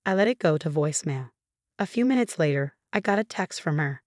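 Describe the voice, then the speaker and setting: A woman narrating a story in a measured, even way. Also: low voice, no room sound, clean studio sound.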